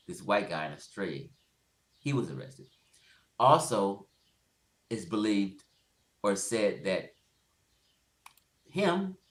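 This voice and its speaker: A man's voice: lowish voice, reverberant. A man giving blunt, profane commentary on a livestream, laughing often as he goes.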